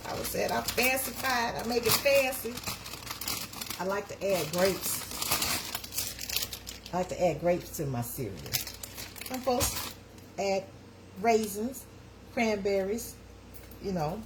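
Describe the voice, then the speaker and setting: A woman's voice: medium pitch, animated, unhurried, long pauses, heavy background noise. A woman hosting a casual live-stream chat from her kitchen, folksy and chatty, talking straight to her viewers.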